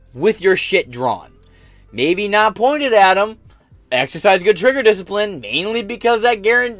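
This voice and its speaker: A man's voice: high-pitched, fairly bright tone, no room sound. An American man hosting a podcast, reacting to news clips in blunt, profane casual commentary. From United States. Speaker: podcast host.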